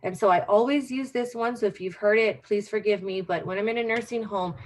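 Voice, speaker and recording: A woman's voice: medium pitch, a little fast. Middle-aged woman, dementia care educator; earnest, informal presentation style, drives home key points by repeating them.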